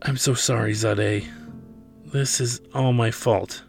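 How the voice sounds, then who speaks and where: A man reading the lines of a young orphaned inventor, speaking softly and earnestly. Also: medium pitch, normal speed, soft background music, close to an everyday voice. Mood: urgent, sorry. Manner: soft, heartfelt.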